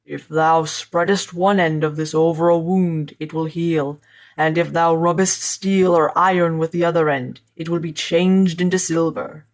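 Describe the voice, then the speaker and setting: A booming, slow-spoken male spirit who has burst out of a bottle to giant size, as a woman reading a storybook puts him on. His voice sounds strange and otherworldly, and he talks in old-fashioned words, at first pleading and then promising. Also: fairly even intonation. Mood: grand.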